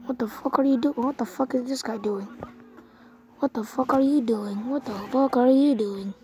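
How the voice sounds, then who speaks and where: A woman giving casual let's-play commentary as a gaming vlogger, excitable and swearing a lot as she reacts loudly to the game. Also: sits high, moderate pace.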